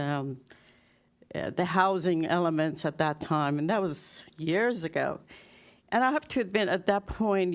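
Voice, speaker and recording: A woman speaks at a council podium microphone in a low, deep voice. She pays a sincere tribute, pausing often with "um" as she finds her words. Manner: halting with many fillers, warmly sincere. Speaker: public commenter. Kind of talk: public comment tribute. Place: city council chamber.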